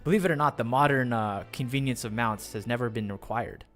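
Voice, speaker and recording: A man's voice: medium pitch, brisk, a bit bright, faint music behind. A young man streaming a game and chatting casually, rambling and self-deprecating. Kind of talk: casual live-stream chat.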